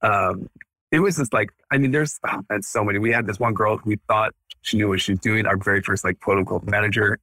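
Podcast guest: energetic dentist in his 30s, bright forceful voice, dry close sound. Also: on the low side, fairly quick, no room sound. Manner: energetic, animated, acts out quotes. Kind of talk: casual podcast interview.

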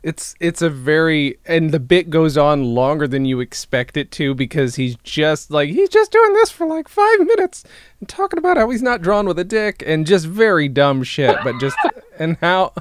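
A man's voice: a little high, sing-song, normal speed, smooth, dry recording, studio quality. A man hosting a podcast, chatting in an amused way and restarting his sentences as he thinks aloud. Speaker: podcast host. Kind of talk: casual podcast chat.

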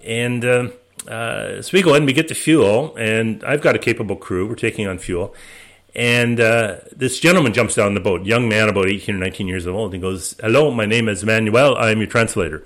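A man, guest of an interview, telling his voyage stories in a relaxed, anecdotal way with many restarts. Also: fairly low pitch, brisk. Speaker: interview guest, expedition skipper. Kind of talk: relaxed storytelling.

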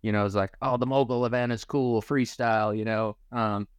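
A man's voice: mid-range voice, steady tone, brisk, smooth, no echo, clean studio sound. A man in his forties from Michigan, a podcast guest telling stories in a laid-back way, swearing casually and saying dude and bro. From Michigan, USA. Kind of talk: casual storytelling chat.

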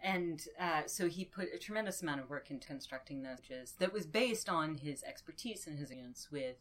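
Low-voiced woman, thoughtful linguist guest. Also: animated, a little fast, a bit bright. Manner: thoughtful, with many fillers and laughs. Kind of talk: podcast interview.

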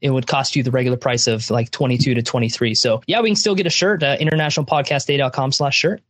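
A man's voice: medium pitch, fast talker, a bit bright, no room sound. A man talking casually on a podcast about an event he organizes, chatty and often restarting his sentences.

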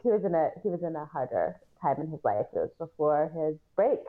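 Lively, laughing woman host, dull sound. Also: low-pitched, a little fast. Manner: laughs easily, teasing. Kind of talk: casual podcast conversation.

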